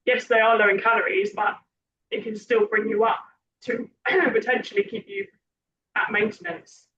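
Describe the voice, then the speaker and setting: A woman hosting a podcast, chatting in a rambling, self-correcting way and a little hoarse from losing her voice. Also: medium pitch, fairly even intonation, moderate pace. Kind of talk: casual podcast chat. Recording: distant muffled mic with background noise.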